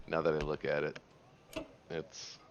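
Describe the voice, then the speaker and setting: A man with a very deep, low voice talks through an online board game in a relaxed, reflective way, offering advice between chuckles. The sound is muffled and lo-fi, like a voice chat mic. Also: a little hiss or hum.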